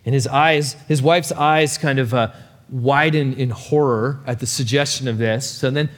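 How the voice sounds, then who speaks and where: A man preaching a sermon, telling a story in an animated, conversational way. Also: medium pitch, a little slow, in a large hall. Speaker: pastor.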